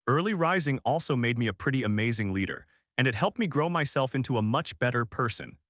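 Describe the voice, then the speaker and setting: A man's voice: mid-range voice, animated, fairly quick, fairly bright tone, no room sound, close to an everyday voice. A composed, self-assured wealthy mentor, read by a man in a dry, close recording. He leans on key words for effect and keeps an upbeat, motivational drive. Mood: enthusiastic. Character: calm, confident wealthy older male mentor.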